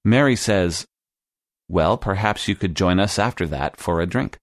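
A man narrating a scripted English lesson podcast in a slow, clear teaching manner. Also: low-pitched, no room sound.

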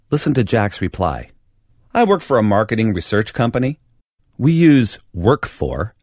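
A man reading an English lesson script in a clear, deliberate teaching voice. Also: low-pitched, darkish tone, no room sound, clean studio sound. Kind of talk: scripted language-lesson narration.

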